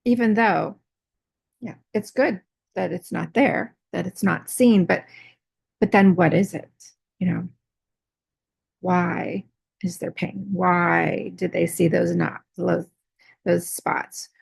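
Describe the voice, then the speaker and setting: A woman's voice: fairly low pitch, steady tone, slow pace, creaky, long pauses, husky, no echo. A woman in her forties, out of breath, telling a personal story in a rambling way, full of fillers and restarts. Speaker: artist vlogger.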